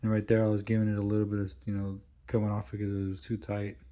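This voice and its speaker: A man's voice: on the low side, completely flat delivery, fast, dark tone. A man narrating his caulking work in a laid-back, casual way, swearing often as he goes, recorded on smart glasses. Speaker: caulking tradesman.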